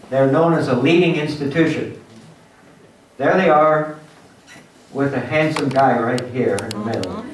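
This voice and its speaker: Guy giving a pep talk lecture in a big echoey hall, mic far away, bit higher voice. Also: slight background noise. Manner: lively, acts out little scenes for the audience. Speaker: guest speaker at a symposium. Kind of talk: motivational lecture.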